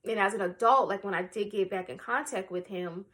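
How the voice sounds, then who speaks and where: A woman's voice: medium pitch, brisk, a bit bright. Woman vlogger telling a raw personal story. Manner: raw, emotional and blunt, with casual swearing.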